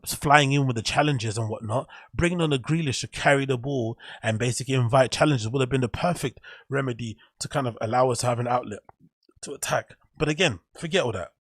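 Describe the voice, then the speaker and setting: A man's voice: medium pitch, dry recording. A young man with an English accent, hosting a casual solo show and ranting with frustration and frequent swearing. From England. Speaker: show host.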